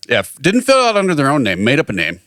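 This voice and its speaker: Lively, bright-voiced male podcast co-host. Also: mid-range voice, quick pace, dry recording. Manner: animated, laughing, self-mocking. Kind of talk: casual chat.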